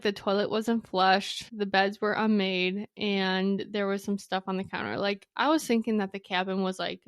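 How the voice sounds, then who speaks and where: A young adult woman from Wisconsin hosting a podcast, telling a story in a chatty, casual way, full of "like" and quick side notes. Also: medium pitch, no room sound, studio quality. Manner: chatty, lots of "like", quick asides and apologies. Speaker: podcast host.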